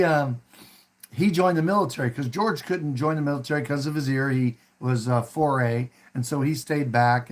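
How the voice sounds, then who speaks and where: Guy on his own show going over an old movie, slightly higher voice, lots of ums and restarts, acts out the lines. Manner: rambling, with many fillers and restarts; acts out quoted lines with a raised voice. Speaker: host. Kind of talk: casual film discussion.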